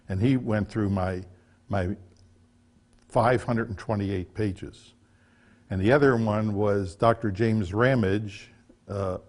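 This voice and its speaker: His voice lowish and a little mellow, an older author gives a relaxed storytelling talk about his life. The folksy, chatty account includes small restarts here and there.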